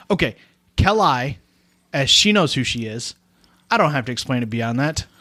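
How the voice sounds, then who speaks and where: A man's voice: medium pitch, lively intonation, a little slow, bright, forceful tone, dry recording, studio quality. Tipsy Midwestern man rambling. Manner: rambling, self-correcting, tipsy banter. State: tipsy from wine. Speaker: podcast co-host. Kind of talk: casual chat. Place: home room. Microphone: close podcast mic.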